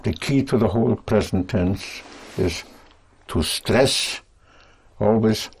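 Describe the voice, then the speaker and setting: A man teaching a language lesson, speaking patiently and deliberately in short phrases. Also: lowish voice, a little hiss or hum.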